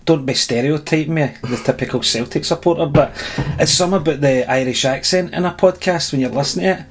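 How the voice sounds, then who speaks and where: Animated Scottish man telling stories. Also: fairly high pitch. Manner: animated storyteller, quick to laugh. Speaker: podcast co-host. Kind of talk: casual chat.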